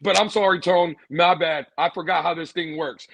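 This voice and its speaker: A man's voice: on the high side, steady tone, normal speed, creaky, hardly any pauses, a bit bright, rough recording. A man ranting sarcastically as a sports podcast co-host, repeating lines for emphasis. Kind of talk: heated sports commentary.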